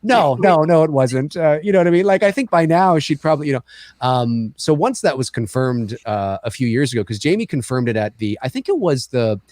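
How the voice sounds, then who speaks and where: A man's voice: medium pitch, expressive, a little fast, a little mellow, no room sound. A man hosting a casual panel talk, rambling and acting out film lines as he goes.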